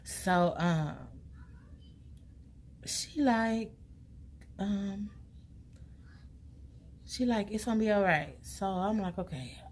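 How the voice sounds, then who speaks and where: A young woman, telling a personal story in a casual storytime vlog and acting out quotes with big jumps in pitch. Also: drawn-out words, long pauses, darkish tone, a little hiss or hum.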